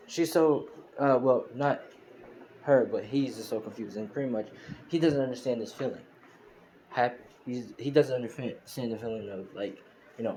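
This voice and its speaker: A man's voice: mid-range voice, darkish tone, rough recording. A man casually narrating a fan story, rambling and full of fillers. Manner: rambling, full of fillers like "you know" and "pretty much". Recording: hissy home screen recording.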